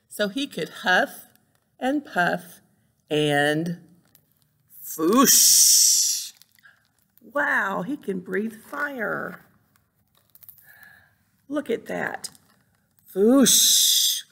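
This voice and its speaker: A woman reading a picture book aloud to children as a librarian, animated, exclaiming and making sound effects. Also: mid-range voice, creaky, breathy edge.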